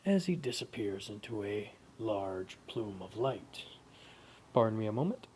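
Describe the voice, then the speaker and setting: A man's voice: on the low side, very animated, unhurried, a little mellow, a little hiss or hum. A man casually telling an improvised adventure story and correcting himself as he goes. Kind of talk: improvised fan-fiction storytelling.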